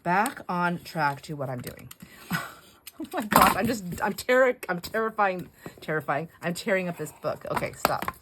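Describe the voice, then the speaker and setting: A woman's voice: on the low side, expressive, moderate pace, very noisy. A middle-aged woman hosting a crafting video, chatting casually in a rambling, self-deprecating way and laughing often. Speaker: crafting channel host. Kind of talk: casual chat while crafting.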